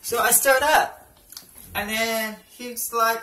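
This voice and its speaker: A man's voice: extremely high pitch, steady tone, slow, pushed and bright. Rambling young man, echoey and distant. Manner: rambling, peppered with "you know" and "right", swears a lot. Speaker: amateur stand-up comic. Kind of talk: casual stand-up routine. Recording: echoey room, voice from off-mic.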